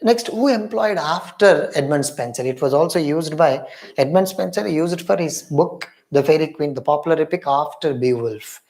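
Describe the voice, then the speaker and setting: A man with an Indian English accent delivers an exam-prep literature lecture in a voice that sits on the high side, with a darkish tone and moderate pace. He speaks emphatically, repeats key points, and addresses viewers as his friends.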